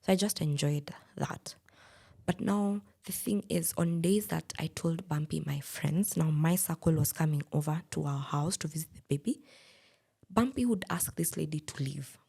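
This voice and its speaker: A woman's voice: deep voice, moderate pace, vocal fry, mellow, breathy edge. A woman, speaking candidly as a guest and telling a personal story in a podcast interview. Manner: candid, plain-spoken.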